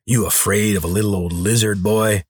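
A man voicing a gruff, bullying middle-aged farmer who scolds in rough rural speech. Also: lowish voice, fairly even intonation, brisk, dry recording, studio quality. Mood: scolding.

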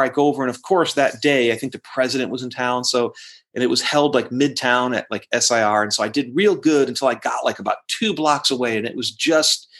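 A man, a rock guitarist, telling a long story in a casual interview, swearing often and acting out what people said. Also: mid-range voice. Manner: animated, profane, acts out quotes in raised voice.

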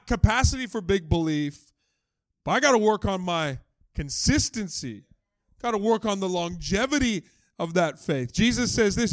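This pastor's voice sits high, and the recording carries no room sound. He preaches in a conversational, humorous way, livening up his stories by performing the quoted voices.

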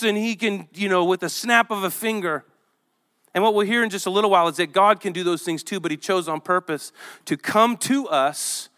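This male pastor has a high voice and delivers his sermon in a lively, conversational manner. He reads scripture aloud to a church where children are present.

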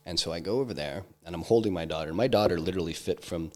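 A man being interviewed, telling a personal story in a halting way, full of restarts and fillers. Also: low-pitched, warm tone. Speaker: interview guest, entrepreneur.

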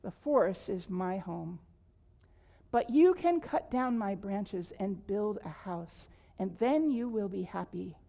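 A woman reading aloud and voicing a gentle, giving female apple tree in a tender, slow storybook manner. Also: medium pitch, lively intonation, gravelly, exaggerated voice. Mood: kind.

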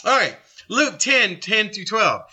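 Guy leading bible study, blunt and in-your-face, kinda high voice, super sharp tone. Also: very animated, breathy edge. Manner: blunt, confrontational preaching with quick asides. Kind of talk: forceful Bible study teaching.

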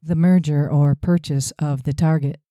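A woman's voice: sits low, fairly even intonation, normal speed, mellow, no room sound, clean studio sound. A woman co-hosting a podcast, talking in a sarcastic, mocking way. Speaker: podcast co-host. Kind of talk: opinionated podcast chat.

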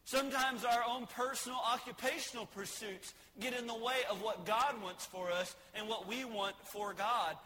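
Bright-voiced preacher, lively. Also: male voice, very high-pitched, normal speed, few pauses, a little hiss or hum, rough recording. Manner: folksy preaching with humor and questions to the congregation. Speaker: pastor. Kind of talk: sermon.

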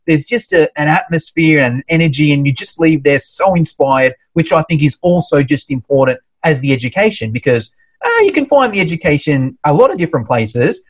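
A man from Australia who works in fitness, chatting in an upbeat way about conventions. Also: fairly high pitch. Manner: upbeat, expressive, shares tips. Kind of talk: casual conversation.

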